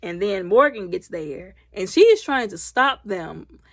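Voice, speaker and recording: A woman recapping a movie in a loud, chatty way, slipping into the characters' lines as she retells scenes. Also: medium pitch, animated, a little slow, no echo, studio quality. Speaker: movie reviewer.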